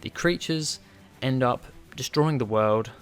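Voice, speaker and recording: A man's voice: mid-range voice, measured pace, smooth, soft background music. A man casually reviewing a TV episode in an enthusiastic, rambling, chatty way.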